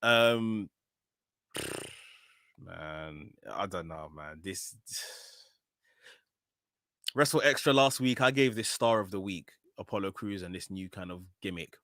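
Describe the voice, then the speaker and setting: A man's voice: low voice, lively intonation, slow, pauses often, a bit bright, no echo, studio quality. A man with a British accent giving a casual, opinionated wrestling review, often frustrated, full of "um" and "you know". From Nigeria.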